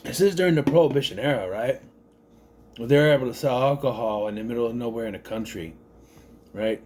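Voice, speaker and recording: A man's voice: mid-range voice, a little fast, a little mellow, a little hiss or hum. A man giving a casual spoken movie review, rambling and correcting himself as he thinks aloud.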